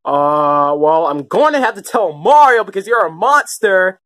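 A woman's voice: fairly low pitch, animated, a little slow, pitched below the performer's own voice. A woman doing a bratty scolding koopa prince. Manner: taunting, yelling, scolding. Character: bratty young male koopa prince, accusing. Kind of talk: puppet comedy skit.

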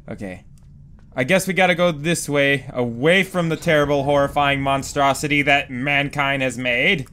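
A young man commentating a video game as he plays, swearing, panicking loudly and laughing at himself. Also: medium pitch, measured pace. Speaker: gaming commentator. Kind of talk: let's play commentary. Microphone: desk microphone.

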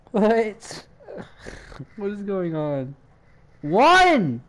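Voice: medium pitch, expressive, measured pace. A gaming streamer giving casual commentary, sarcastic, laughing often and swearing.

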